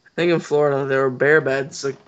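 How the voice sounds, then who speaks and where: A man's voice: medium pitch, level tone, fast. A young man co-hosting a hunting podcast, talking hesitantly with lots of fillers. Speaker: podcast co-host. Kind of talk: casual chat. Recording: dull lo-fi audio.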